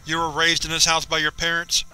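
A man's voice: on the high side, completely flat delivery, brisk, sharp tone, clean tone, soft background music, low-quality recording. A man doing a patient, persistent interviewer. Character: calm, persistent male interviewer.

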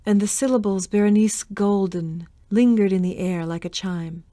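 Woman narrator: measured, expressive storybook reading; mid pitch, dry booth sound. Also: no room sound. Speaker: reader.

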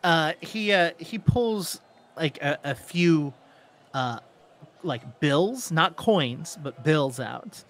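Casual male game master, fairly high voice, halting narration. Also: animated, fairly bright tone.

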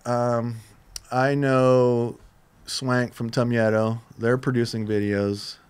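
Speaking slowly and smoothly in a level, mid-range voice, a podcast guest from Southern California in his fifties spins loose, profane stories, frequently restarting as he goes.

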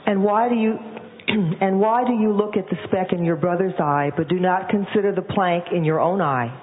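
A woman in the congregation reads a verse aloud with plain, careful delivery. Her voice is on the low side for a woman. She sounds tinny and distant, with faint music underneath. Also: normal speed. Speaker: congregation member reading scripture. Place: church congregation.

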